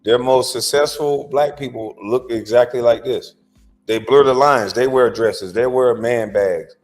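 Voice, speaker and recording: Field: Sex: man. Role: commentary host. Style: blunt lecturing monologue, slangy informal speech, mid-range pitch. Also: a little slow, faint music behind.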